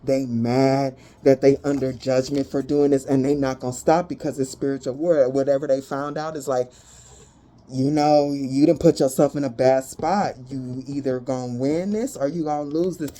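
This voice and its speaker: A woman's voice: extremely low pitch, steady tone, moderate pace, mellow. A woman giving a casual spoken tarot reading, talking bluntly and animatedly, with frequent swearing. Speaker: tarot reader.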